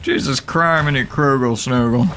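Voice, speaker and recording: A man hosting a gaming channel, giving excitable, jokey let's play commentary that is full of swearing and laughter. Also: medium pitch, normal speed, a little hiss or hum.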